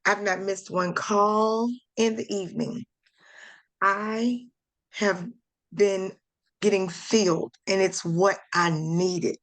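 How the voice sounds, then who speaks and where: A woman on a video call, slowly sharing a heartfelt testimony while holding back tears, halting with many pauses. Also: mid-range voice, steady tone, a bit bright. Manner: slow, heartfelt, halting with fillers. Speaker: course participant. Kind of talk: emotional testimony on a group call.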